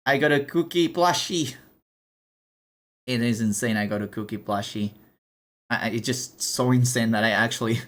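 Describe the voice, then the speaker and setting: A young man chatting casually on a live stream, animated and chatty, swearing and laughing as he shows off items. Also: medium pitch.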